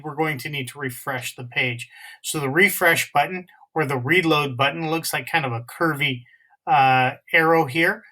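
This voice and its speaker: A man teaching a web coding lesson step by step, in a halting way with many pauses and fillers. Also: fairly high pitch, sharp tone, rough recording. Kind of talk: screen-recorded coding lesson.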